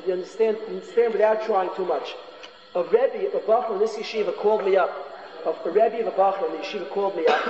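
Guy teaching a torah class, kinda high voice, says stuff twice to drive it home, roomy echoey sound. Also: darkish tone. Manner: earnest, repeats phrases for emphasis. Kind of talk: informal Torah lecture. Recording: echoey hall, dull lo-fi sound.

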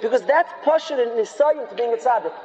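High-voiced, animated male preacher in a hall. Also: brisk, dull audio, slight background noise. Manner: animated, excitable, folksy, sprinkled with Hebrew and Yiddish terms. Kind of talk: sermon. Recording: long hall reverb.

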